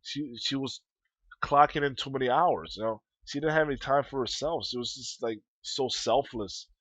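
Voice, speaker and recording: A young man telling a personal story in a casual, rambling way, full of swearing and repeated words, with loud high bursts when he gets worked up. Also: moderate pace, no echo. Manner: rambling, profane, repeats himself.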